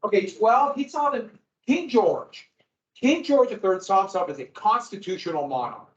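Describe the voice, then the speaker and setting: A man's voice: sits high, lively intonation, moderate pace. Guy teacher going over a worksheet, chatty loose explaining, kinda muffled lo-fi, echoey room. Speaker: history teacher. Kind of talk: classroom lecture. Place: classroom. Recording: echoey, dull lo-fi classroom audio.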